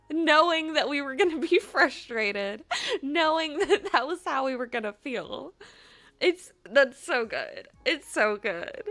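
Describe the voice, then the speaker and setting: A woman game streamer chatting casually on a live stream, animated, laughing often and using playful slang. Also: sits high.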